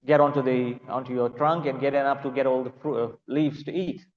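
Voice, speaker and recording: A man's voice: medium pitch, fairly even intonation, fairly quick, in a large hall, highs cut off, natural voice. A man voicing a mighty male lion king in a spoken story, commanding and generous in manner. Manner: commanding, then kindly granting.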